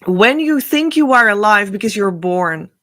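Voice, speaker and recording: A woman's voice: medium pitch, expressive, normal speed, a bit bright. A woman hosting a spiritual podcast, telling a parable in an earnest, emotional, rambling way, often restarting her sentences. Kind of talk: spiritual storytelling monologue.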